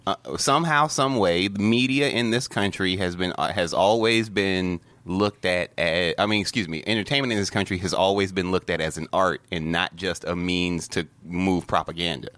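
A man's voice: sits low, normal speed, few pauses, fairly bright tone, no echo. A man co-hosting a casual chat, rambling and opinionated, often repeating words. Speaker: podcast co-host.

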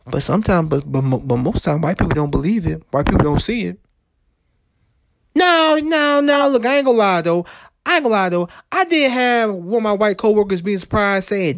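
A woman ranting in a heated, profane way, repeating herself and swinging her pitch up and down. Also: lively intonation, fairly quick, no room sound, clean studio sound. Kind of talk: profane personal rant.

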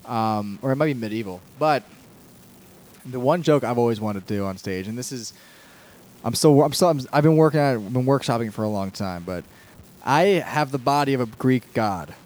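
A man's voice: mid-range voice, lively intonation, brisk, mellow, low-quality recording. A man co-hosting a casual podcast from a dining room at home, rambling and joking in a laid-back way. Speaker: podcast co-host.

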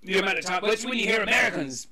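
A man's voice: high voice, lively intonation, rapid-fire, crowd noise. A man hosting a casual chat, joking, laughing often and reading out historical dates. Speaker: podcast host.

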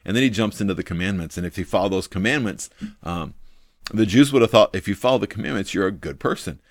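A man's voice: deep voice, expressive, quick pace, no room sound, clean studio sound. A man hosting a devotional video, teaching from the Bible in an earnest, thinking-aloud way, full of ums and repeating his main points.

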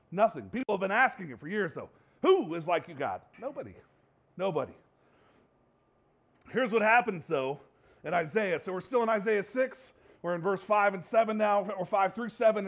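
Male pastor, sermon with casual jokes and repetition, very high voice, muffled recording. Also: a little fast, fairly bright tone. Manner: conversational preaching with joking asides and repeated phrases.

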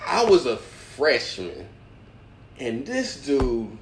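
Animated young male comic, storyteller type, room with some echo. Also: mid-range voice, drawn-out words. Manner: animated storyteller, acts out voices in his stories. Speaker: comedian and podcast host. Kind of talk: casual storytelling chat.

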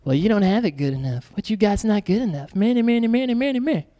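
A man's voice: sits high, animated, quick pace, dark tone. A man voicing a sly tempting serpent in a sermon, speaking in a coaxing, insinuating way. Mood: taunting.

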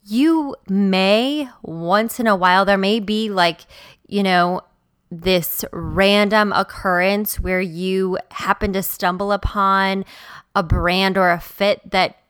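Excitable woman podcast host, smooth voice. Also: mid-range voice, takes it slowly, no echo. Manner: excitable, rambling, emphatic. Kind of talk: solo podcast monologue.

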